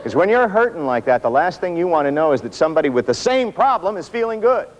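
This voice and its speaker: A man giving a motivational workshop talk to an audience in a room, telling stories with self-mocking humor and dramatic pauses. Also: a little high, very animated, lo-fi sound. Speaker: motivational speaker.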